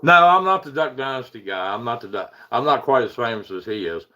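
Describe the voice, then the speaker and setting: A man's voice: medium pitch, animated, a little fast, bright, forceful tone, muffled recording, faint music behind. A man hosting a casual livestream, rambling, greeting viewers by name and chuckling at himself. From Eastern United States. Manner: rambling, self-deprecating, chuckles often, greets chatters. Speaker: paranormal livestream host.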